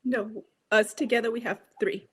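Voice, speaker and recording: A woman answering a medium's questions with short, quiet replies. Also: on the high side, fairly even intonation, normal speed, breathy edge. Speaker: client.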